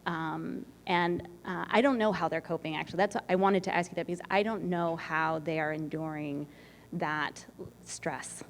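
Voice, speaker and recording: A woman moderating an onstage conversation, speaking haltingly with many fillers. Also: deep voice, steady tone. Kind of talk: onstage interview. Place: large event hall. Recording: reverberant hall with faint noise.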